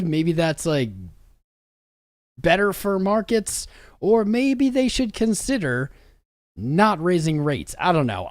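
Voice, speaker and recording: Man, young adult, livestream host, fairly high voice, slangy and hyped, tired, dry close sound. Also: no echo. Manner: hype-driven, slangy, rambling. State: tired from a long day. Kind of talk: casual livestream commentary.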